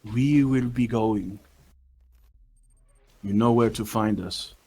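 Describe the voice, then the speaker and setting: A man voicing a cold, formal male gangster envoy who speaks slowly and in clipped, polite phrases, in a tabletop role-playing game. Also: lowish voice, warm tone, slight background noise, voice pushed down. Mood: curt.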